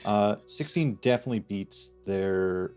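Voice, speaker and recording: Guy gm for a tabletop game online, lowish voice, lots of ums and laughs, faint music behind. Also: unhurried. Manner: relaxed, laughing, filler-heavy narration. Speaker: game master.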